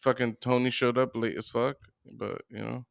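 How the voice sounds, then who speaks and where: A man's voice: mid-range voice, little pitch movement, moderate pace, gravelly, no room sound, studio quality. A man co-hosting a podcast, telling stories in a laid-back, profane casual chat. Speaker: podcast co-host.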